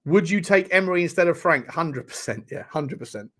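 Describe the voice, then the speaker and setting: A man hosting a live football watchalong stream, reacting to the chat in an excitable, sweary way with bursts of laughter. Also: fairly high pitch, a little fast.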